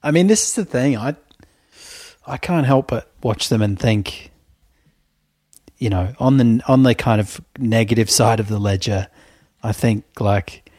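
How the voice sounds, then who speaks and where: A man in casual conversation, wry and critical, jumping his pitch up for mocking quotes. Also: measured pace, a little mellow, no room sound. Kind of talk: casual chat.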